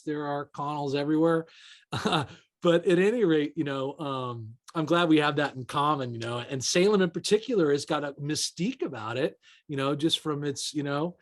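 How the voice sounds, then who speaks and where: A man hosts a relaxed interview in a friendly, chatty way. His voice sits a little high for a man. He leans on fillers like "you know" as he rambles toward his questions. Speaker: interview host. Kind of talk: casual interview chat.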